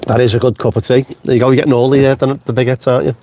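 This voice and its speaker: A middle-aged man talks from his car in a casual live stream, rambling from one joke to the next. His voice sits at an ordinary middle pitch, and he swears freely. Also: little pitch movement, rapid-fire, dark tone, slight background noise. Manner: chatty, swears freely, jokey tangents. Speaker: vlogger host. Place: inside a car.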